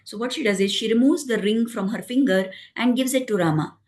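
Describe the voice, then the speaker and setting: A woman narrating a devotional story in a calm, explanatory way, adding moral lessons. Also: a little high, a little fast.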